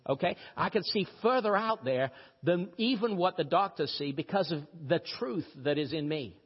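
A husky-voiced man from Brazil with a faint British-tinged accent delivers a church sermon, spinning stories and jumping up in pitch to stress a point. His voice rings with a long hall reverb on a dull, lo-fi recording. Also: moderate pace. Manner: storytelling, animated with pitch jumps for emphasis. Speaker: pastor.

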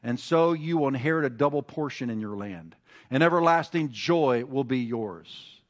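A male pastor preaching a sermon, moving from quiet, conversational asides to rising, emphatic exhortation, with frequent restarts. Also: mid-range voice, lively intonation, moderate pace.

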